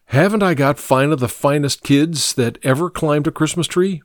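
A man's voice: a little high, normal speed, no echo, clean studio sound, voice pushed up, lightly acted. A man voicing a jovial clubman who brags about his five children, hearty and boastful. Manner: hearty, bragging.

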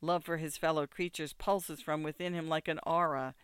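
A man narrating an audiobook in a steady, second-person storytelling way. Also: on the high side, moderate pace, clean tone, dry recording.

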